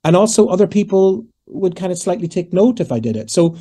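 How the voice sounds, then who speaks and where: A Northern Irish man in his fifties, a singer answering interview questions in a lively, storytelling way and acting out the voices of people he quotes. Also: sits high, a little fast, slightly rough. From Northern Ireland. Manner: animated, digressive, acts out quoted voices. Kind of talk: conversational storytelling.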